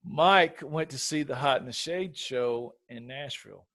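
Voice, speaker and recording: A man's voice: medium pitch, unhurried, no echo. A man hosting a podcast, telling a story in a casual chat and acting out the quotes. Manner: animated storyteller, acts out quotes. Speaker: podcast host.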